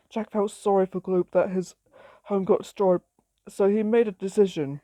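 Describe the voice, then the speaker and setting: A woman's voice: medium pitch, steady tone, normal speed, warm tone, no room sound. A woman reading her own story aloud in a plain, simple storytelling way.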